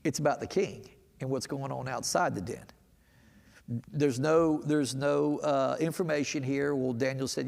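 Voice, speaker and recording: Gravelly middle-aged preacher, folksy and rambling, heard in a church hall with a long reverb. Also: male voice, medium pitch, normal speed, a little mellow. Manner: folksy, rambling with many restarts and fillers. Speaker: pastor. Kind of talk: midweek Bible teaching. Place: church sanctuary.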